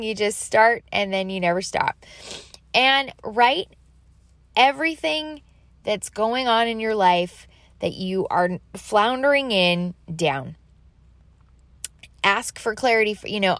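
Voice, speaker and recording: A woman in her thirties rambles casually about faith and journaling, chatty and self-deprecating, with a slight allergy cough. Her fairly high, slightly bright voice is expressive and a little slow, recorded dry, in the style of casual faith-based advice.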